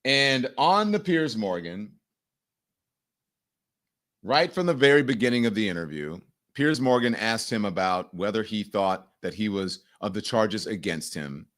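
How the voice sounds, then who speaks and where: A male host delivers live news commentary. His pitch swings widely as he talks, and he is animated, often mimicking other people's voices. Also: unhurried. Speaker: show host.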